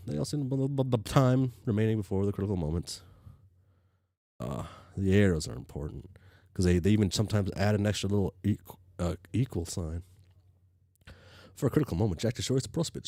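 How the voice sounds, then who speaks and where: Male streamer, gravelly and dry, lively delivery, halting reader who mutters asides. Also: fairly low pitch, dry recording. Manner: halting, stammers and restarts, mutters to himself. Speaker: streamer reading a webcomic aloud. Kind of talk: casual reaction stream, reading aloud.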